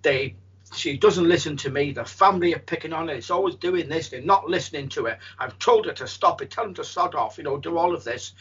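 A man's voice: a little high, brisk, a bit bright, breathy edge, dull audio, voice pushed up, full character voice. A man voicing the spirit of a stern, blunt grandfather.

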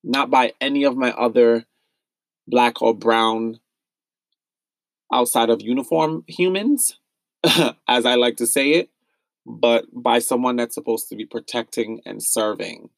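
A young man from the United States talks alone into the mic for his podcast, slow and heavy with hurt. His voice is rough with vocal fry, and he circles back over the same words as anger breaks through. The sound is dry and close. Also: mid-range voice, no room sound. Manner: emotional, repetitive, pained and angry. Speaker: podcast host. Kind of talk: solo podcast monologue.

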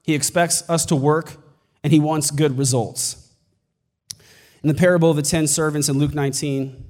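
High-voiced pastor preaching in a hall. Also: male voice. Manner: emphatic preaching, building to shouts. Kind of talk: sermon.

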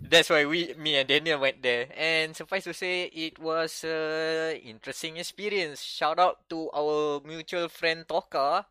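A man chatting on a gaming podcast with a bright, slightly high voice. He tells stories animatedly, restarting phrases as he goes. The sound is dry and close. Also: measured pace, hardly any pauses, smooth, dry recording. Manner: animated storytelling with frequent restarts. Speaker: podcast co-host. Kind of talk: casual chat.

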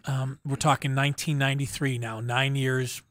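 A middle-aged man telling his personal testimony as an interview guest, in an earnest, halting way with frequent restarts. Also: medium pitch, flat delivery, a bit bright, no room sound. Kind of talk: emotional personal story in a faith interview.

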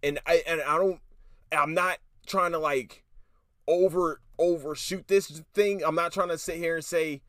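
A man's voice: fairly high pitch, a little slow, no room sound, clean studio sound. A man hosting his own podcast, talking casually and rambling, swearing often and restarting his sentences. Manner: animated, profane, rambling with restarts. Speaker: podcast host. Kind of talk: casual solo podcast commentary.

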